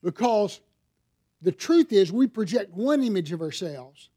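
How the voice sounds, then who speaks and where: A man's voice: sits high, big pitch swings, a little slow, dark tone. A middle-aged male pastor preaching a sermon in a conversational way, often asking the congregation rhetorical questions.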